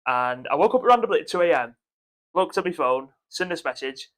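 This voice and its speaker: A man's voice: fairly high pitch, expressive. A young man, co-hosting a podcast in casual, sweary chat. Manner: sweary, quick back-and-forth. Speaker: podcast co-host.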